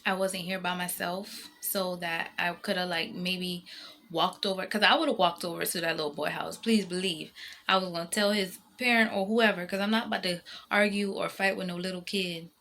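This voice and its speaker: A woman's voice: fairly low pitch, steady tone, normal speed, fairly bright tone, slight background noise. A mother talking to her viewers in a casual vlog, rambling and emotional, circling back on herself with many fillers and restarts. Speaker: vlogger and mother.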